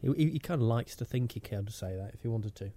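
A man's voice: mid-range voice, expressive, fast, warm tone. A man co-hosting a podcast, trading silly jokes in playful banter. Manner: playful, silly, slips into put-on voices. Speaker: podcast co-host. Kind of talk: joking banter.

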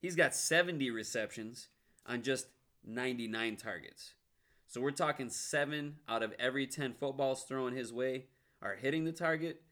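Male sports talk co-host, bright tone, earnest, number-heavy, passionate. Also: medium pitch, moderate pace. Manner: earnest, stat-driven, swings to passionate outbursts. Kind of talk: casual sports banter.

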